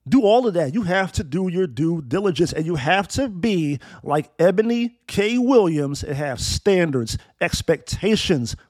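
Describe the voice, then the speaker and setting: Blunt, profane man with a lively, high voice. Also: unhurried, hardly any pauses, no echo. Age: 30s. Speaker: commentator. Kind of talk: opinionated monologue with storytelling.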